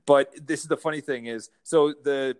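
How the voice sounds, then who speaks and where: Man, interview guest, lively storyteller, mid-pitched voice. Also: moderate pace, clean tone. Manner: animated anecdotes, playful mimicking of others. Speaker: real estate brokerage founder, guest.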